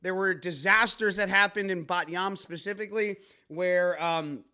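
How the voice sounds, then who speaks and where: A man's voice: sits high, normal speed, pushed and bright, clear, resonant tone. A man hosting a comedic news podcast, rambling and joking with many fillers and restarts. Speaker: podcast host.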